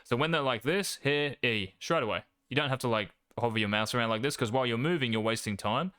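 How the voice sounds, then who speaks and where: A man's voice: medium pitch, quick pace, sharp tone, smooth, no echo, studio quality. A young adult man, casually coaching gameplay, brash and cocky, swearing freely.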